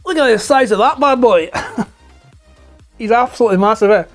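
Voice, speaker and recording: Scottish guy in his 40s, hoarse throaty voice like it's about to crack, rambly sweary chat at home. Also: extremely high pitch, moderate pace, faint music behind. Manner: rambling, chatty, swears freely. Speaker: toy collector vlogger. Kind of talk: casual chat to camera. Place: at home indoors. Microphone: clip-on lapel mic.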